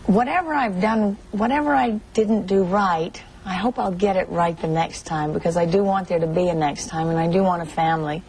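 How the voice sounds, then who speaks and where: A woman's voice: on the low side, normal speed, few pauses, darkish tone, a little hiss or hum, low-quality recording. A woman in her thirties from Alabama, an actress chatting as a TV interview guest, telling stories and laughing often. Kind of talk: morning TV interview.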